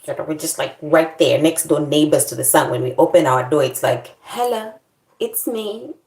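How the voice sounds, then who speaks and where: A woman's voice: sits low, fairly even intonation, fairly quick, a little mellow, roomy sound. A woman vlogger in casual chat, complaining in a playful, dramatic way.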